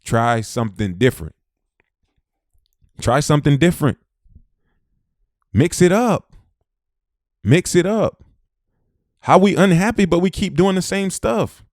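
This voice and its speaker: Speaking unhurriedly and pausing often, this man has a slightly high voice with lively intonation. He preaches motivation in a Southern US manner, hammering home ideas through repeated short phrases. It's a studio-quality recording with no room sound.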